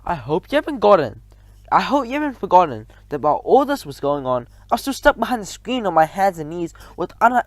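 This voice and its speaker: Lively male storybook reader. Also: on the high side, no room sound. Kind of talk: storybook reading aloud.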